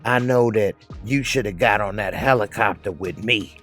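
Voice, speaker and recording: A man acting out a proud, brooding middle-aged boss who talks low and terse. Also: normal speed, fairly bright tone, faint music behind, lightly acted. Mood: defiant.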